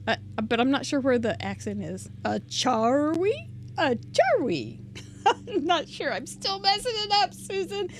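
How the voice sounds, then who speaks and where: A woman hosting a crafting video, chatting casually and thinking aloud as she shows cards, often trailing off softly. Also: fairly high pitch, slight background noise. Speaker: crafting channel host. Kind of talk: casual crafting show-and-tell.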